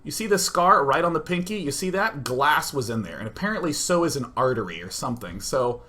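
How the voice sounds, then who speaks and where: A man hosting a gaming stream, telling a comic story in an animated, self-mocking way with loud outbursts. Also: medium pitch, brisk. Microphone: streaming setup facing a webcam.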